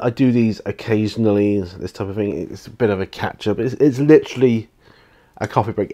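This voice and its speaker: Rambling man chatting to camera. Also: lowish voice. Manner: rambling, relaxed, with many restarts and fillers. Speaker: YouTube hobby channel host. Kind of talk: casual chat to camera. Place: home hobby studio, indoors. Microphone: camera mic, speaking to camera.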